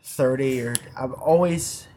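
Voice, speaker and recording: A man's voice: medium pitch, slow pace, warm tone, a little hiss or hum. A man co-hosting a podcast in casual banter, stuffed up from a cold, grumbling and swearing between pun jokes. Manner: grumpy, profane, punning jokes. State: congested, stuffed-up nose from a cold. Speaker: podcast co-host.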